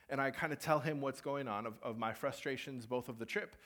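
A young man preaching in a relaxed, conversational way, mid-pitched, sharing a personal story. He brings in what others said with a bit of performance and keeps his talk down to earth. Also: fairly quick. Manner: conversational, animated storytelling with acted-out quotes.

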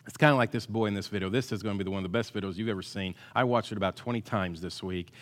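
A male pastor delivering a sermon, swinging between loud emphatic bursts and quiet asides, with self-deprecating humor. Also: on the low side, rapid-fire. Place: church hall with long reverb. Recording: hall reverb.

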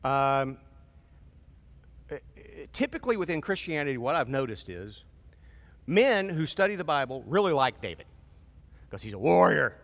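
A man's voice: on the high side, big pitch swings, moderate pace, vocal fry, long pauses. A pastor preaching a sermon in a casual, conversational way, acting out voices as he goes. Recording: long reverb of a large hall.

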